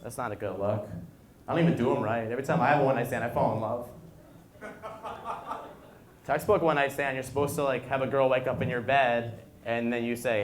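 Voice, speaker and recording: A man in his twenties doing an animated stand-up set in a bar, jumping into loud high voices for the people he quotes. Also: a little fast. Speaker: stand-up comedian. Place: bar and grill comedy night. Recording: echoey room, stage mic. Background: audience laughter.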